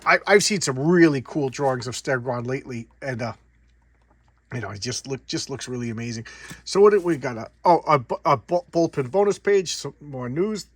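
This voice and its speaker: A man's voice: mid-range voice, lively intonation, normal speed, breathy edge. A middle-aged man casually reviewing old comic books, rambling with frequent stammered repeats. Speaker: comic book collector host.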